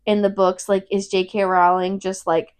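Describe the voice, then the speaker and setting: A woman's voice: medium pitch, level tone, a little mellow. A young woman co-hosting a casual book review chat, retelling the plot in a rambling way and saying "like" constantly. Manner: rambling, fills every gap with "like", quick retelling. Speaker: podcast co-host.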